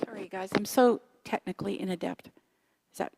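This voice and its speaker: In a church sanctuary with background noise, a woman in her fifties from Canada delivers a chatty guest sermon in a brisk, gravelly, medium-pitched voice. She keeps it conversational and self-deprecating, regularly turning questions to the audience.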